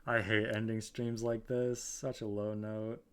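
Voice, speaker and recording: A man's voice: on the low side, level tone, measured pace, smooth. A young man streaming live, talking glumly in casual chat and repeating his phrases.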